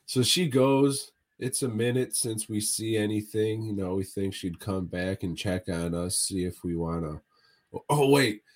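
A man's voice: fairly low pitch, unhurried. A man hosting a podcast, casually telling a profane, funny story and laughing along. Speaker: podcast host.

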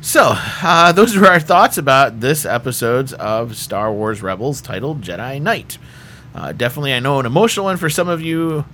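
A man hosts a casual fan discussion podcast, putting questions to his panel. His voice is bright and forward. Faint background noise sits under the recording. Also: medium pitch, animated, moderate pace. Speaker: podcast host.

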